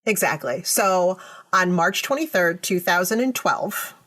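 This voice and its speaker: A woman's voice: on the low side, animated, measured pace, fairly bright tone. A woman hosting a podcast, casually recounting a true-crime case to her co-host and often checking in with "right?". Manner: storytelling, reads quotes aloud, frequent "right?".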